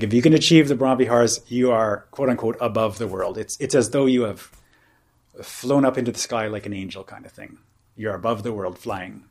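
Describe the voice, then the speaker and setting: A man's voice: fairly low pitch, a little mellow, slightly rough. A man teaching meditation at a retreat, speaking in a casual, rambling way with many fillers such as "you know" and "like". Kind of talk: informal dharma talk at a retreat.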